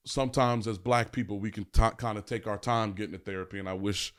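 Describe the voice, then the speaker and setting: A man with a fairly low voice talks straight into the podcast mic. He tells a personal story in a candid, emphatic style and drops casual slang along the way. It sounds like a podcast host speaking from the heart. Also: steady tone, fast, a bit bright. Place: podcast filming set.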